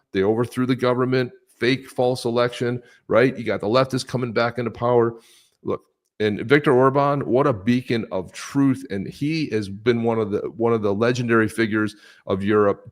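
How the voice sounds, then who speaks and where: A man co-hosting a live stream podcast, ranting about politics with many fillers and restarts. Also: medium pitch. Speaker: podcast co-host.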